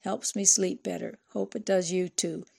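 A woman's voice: lowish voice, fairly even intonation, moderate pace, vocal fry, a little mellow, breathy edge, exaggerated voice. A woman reading a chatty, clipped email from a male friend. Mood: breezy. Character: breezy male friend writing a casual email.

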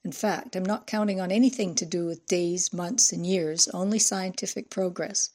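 A woman's voice: fairly low pitch, fairly even intonation, normal speed, a little mellow, close to an everyday voice. A woman voicing a grieving woman scientist, restrained, her voice breaking at times. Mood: sorrowful.

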